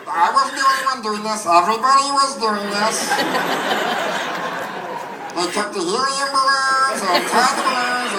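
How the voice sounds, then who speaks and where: A man's voice: very high voice, heavy background noise, voice pushed up. A man putting on a helium-raised voice for a fretful grown man in a stand-up bit, complaining in an exasperated way. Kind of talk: stand-up comedy. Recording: echoey club, distant mic, loud crowd.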